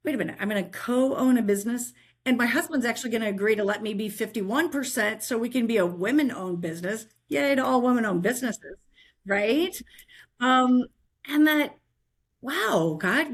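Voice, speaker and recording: Chatty middle-aged woman, higher voice. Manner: animated, chatty, keeps asking "right?". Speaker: guest. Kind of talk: casual faith-filled storytelling.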